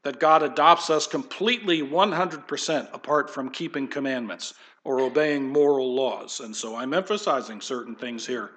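In a relaxed, chatty sermon, a pastor drifts off into homespun asides. His male voice is slightly high and somewhat bright.

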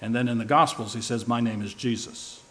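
A man's voice: medium pitch, a little fast. A man preaching a sermon with emphatic stress, now and then asking the listeners questions. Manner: emphatic, shifting loud and soft for stress; asks the listeners rhetorical questions.

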